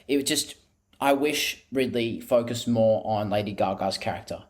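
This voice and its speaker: A podcast co-host with a middle-pitched voice, talking casually about a movie he has just seen. He sounds laid back, swears now and then and trails off into fillers as he thinks. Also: moderate pace, darkish tone. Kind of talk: casual movie review chat.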